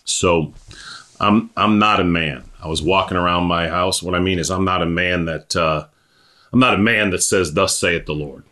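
A man in his forties, possibly from Texas, praying and then preaching in a halting way, repeating words and piling on fillers before turning emphatic. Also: sits low, pushed and bright. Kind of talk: prayer and sermon.

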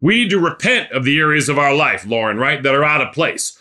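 A man's voice: fairly high pitch, sing-song, fairly quick, pushed and bright. A man preaching a sermon, telling a story and building to emphatic exhortation.

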